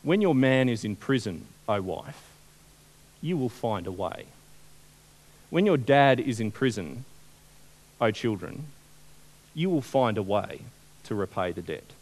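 Lively, animated male preacher. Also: mid-range voice, unhurried, pauses often. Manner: animated, conversational, asks the congregation questions. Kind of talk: sermon.

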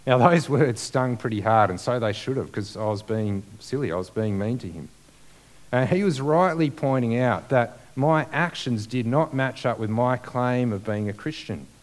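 A man's voice: medium pitch, animated, normal speed. A man preaching a sermon in a conversational way, with many fillers and rhetorical questions.

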